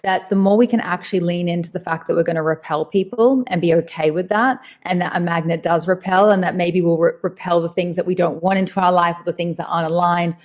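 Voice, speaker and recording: A woman speaking as a guest in a conversational interview, animated and emphatic, stretching out key words as she explains her ideas. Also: on the low side, quick pace, few pauses. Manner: animated, acts out quoted dialogue. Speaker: podcast guest, meditation teacher and author.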